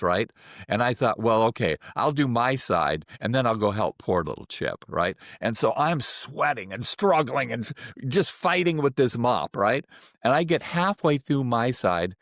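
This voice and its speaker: Older man in his 70s, low-pitched, dry close sound, easygoing storyteller acting out voices. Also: no echo. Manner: relaxed anecdotal, acting out quoted voices. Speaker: acupuncturist. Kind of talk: personal storytelling.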